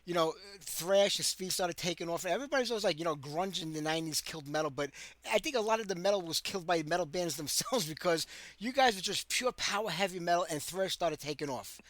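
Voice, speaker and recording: Fast-talking radio host, dry mic. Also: male voice, high voice, expressive, fairly bright tone, no echo. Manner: quick, enthusiastic fan commentary. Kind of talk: casual interview chat.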